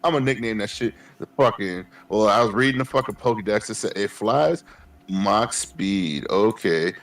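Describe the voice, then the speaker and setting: A man's voice: lowish voice, moderate pace. Profane New man telling stories. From Queens, New York. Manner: animated, profane storytelling, acts out his past self. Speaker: podcast co-host. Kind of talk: casual chat.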